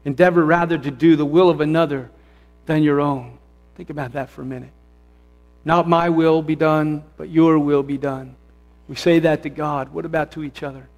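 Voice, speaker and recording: Male pastor, higher-pitched voice, casual sermon style with fervent peaks, long church reverb. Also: steady tone, normal speed, darkish tone. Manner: conversational, self-correcting, builds to fervent emphasis. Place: church sanctuary.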